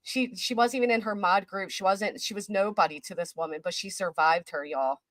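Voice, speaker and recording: A woman's voice: mid-range voice, brisk, fairly bright tone, no echo. A woman hosting a casual commentary chat, sounding indignant and sarcastic. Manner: indignant, sarcastic, says "y'all". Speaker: channel host.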